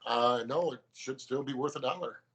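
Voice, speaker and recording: A man's voice: mid-range voice, moderate pace, fairly bright tone. A man giving brief, hesitant replies as a co-host.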